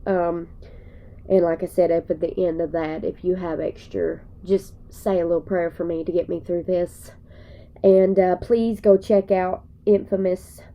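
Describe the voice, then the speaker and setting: A woman talks straight to her viewers while crying, her words rambling and folksy. Her voice is gravelly and dark. She is a vlogger speaking from the heart. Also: on the low side, flat delivery, unhurried, lo-fi sound. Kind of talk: emotional personal vlog.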